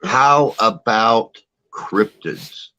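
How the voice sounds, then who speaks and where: A man hosting a podcast, asking his guests questions in a relaxed way. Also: fairly low pitch, extremely slow. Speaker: podcast host. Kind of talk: casual podcast chat.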